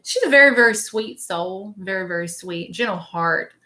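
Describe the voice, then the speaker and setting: A woman's voice: mid-range voice, animated, normal speed, bright, forceful tone. A woman leading a live-stream reading as a spiritual medium, chatty and reassuring, often checking in with her viewers.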